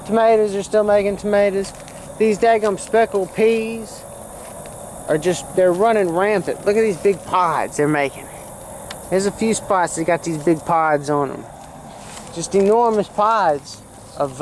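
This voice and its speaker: Strolling through his vegetable garden outdoors, a man with a high voice offers loose, homespun commentary as a gardening vlogger. A little background noise is audible.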